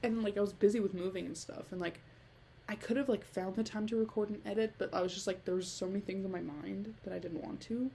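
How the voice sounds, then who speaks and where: Fast and steady in tone, this teenage girl's mid-range, mellow voice carries vocal fry as she hosts her solo podcast. In her late teens, she rambles giggly and casual, with heavy use of "like," over a little hiss or hum.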